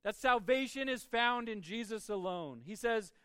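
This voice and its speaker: A man preaching a sermon as pastor, emphatic, with his voice swinging between soft and loud. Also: high voice, animated, normal speed, clear, resonant tone, no echo.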